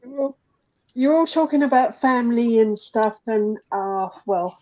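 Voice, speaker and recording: Woman, higher voice, wry and self-deprecating, muffled lo-fi audio. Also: measured pace, a little mellow. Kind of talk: casual livestream chat.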